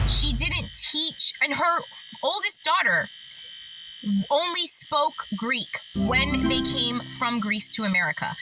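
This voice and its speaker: A woman telling a family story in a casual, reflective vlog, chatty and full of fillers and thoughtful asides. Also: a little high. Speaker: author and storyteller. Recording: distant mic, steady background noise.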